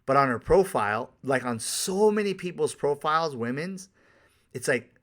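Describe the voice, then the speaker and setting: A man's voice: medium pitch, animated, brisk, a bit bright. Candid, profane man talking casually. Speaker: life coach and podcast host. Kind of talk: casual solo monologue.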